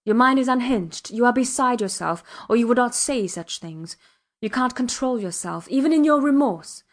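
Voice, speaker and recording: A woman reading the lines of a proud, agitated husband who lectures his wife loudly and with authority. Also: medium pitch, animated, normal speed, lightly acted. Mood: indignant. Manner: indignant and authoritative, loud outbursts.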